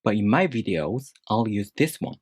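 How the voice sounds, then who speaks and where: A male teacher explains a lesson in a deliberate, scripted manner. His voice sits fairly low but swoops widely up and down as he demonstrates examples. The sound is dry and close, with no room echo. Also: big pitch swings, slightly rough. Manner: deliberate, with spoken pitch demonstrations. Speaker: language teacher.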